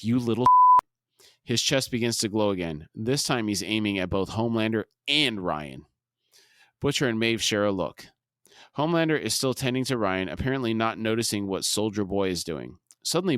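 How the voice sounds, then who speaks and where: A man's voice: lowish voice, fairly bright tone, no echo, clean studio sound. A man co-hosting a podcast, steadily narrating a TV episode scene by scene with brief comments. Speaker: podcast co-host. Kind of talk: scene-by-scene recap reading.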